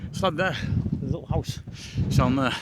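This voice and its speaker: A man's voice: mid-range voice, normal speed. A man, talking to camera on a long walk, tired and chatty, puffing and sighing between remarks. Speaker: walking vlogger. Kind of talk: casual walking vlog. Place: outdoors on a moorland road. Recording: outdoor walk with noticeable background noise.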